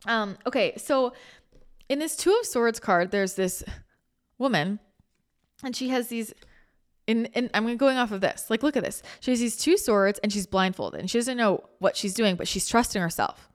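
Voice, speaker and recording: A woman's voice: a little high, lively intonation, moderate pace. Woman, spiritual podcast host, chatty, rambling, restarts a lot, emotional. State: emotional, near tears. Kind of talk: casual spiritual talk.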